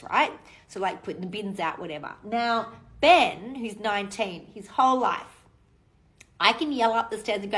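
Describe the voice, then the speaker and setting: A woman in her forties with an Australian accent, a relationship coach talking casually to camera, blunt and animated, swearing freely. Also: medium pitch, poor audio.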